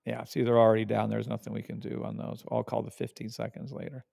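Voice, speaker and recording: A man's voice: lowish voice, monotone, quick pace, gravelly, warm tone, no echo, clean studio sound. A man hosting a live trading stream, talking casually and emphatically, repeating words for stress and swearing when riled. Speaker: trading livestream host.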